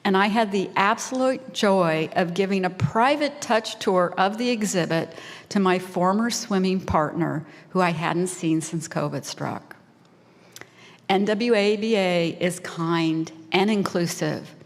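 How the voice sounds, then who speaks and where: A woman's voice: lowish voice, unhurried. A woman in her sixties giving a heartfelt prepared speech as a volunteer at a fundraising lunch. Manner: heartfelt, emotional, tearing up at times. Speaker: volunteer speaker. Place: large banquet hall. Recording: reverberant hall PA.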